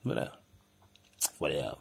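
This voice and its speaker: An older man with a Jamaican accent in a heated, profane, animated rant that jumps between topics. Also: normal speed.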